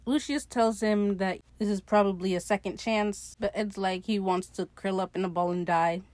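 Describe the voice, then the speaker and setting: A woman's voice: medium pitch, fairly even intonation, normal speed, darkish tone, no room sound. A young woman casually recapping a TV episode on her podcast, chatty and sarcastic, swearing freely and laughing at her own jokes.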